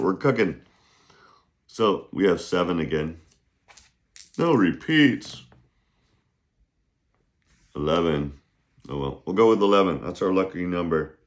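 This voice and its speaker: A male Chinese teacher running a playful classroom lesson, humming little tunes between steps and drilling words slowly. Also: low-pitched, lively intonation. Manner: slow, drawn-out pronunciation drills.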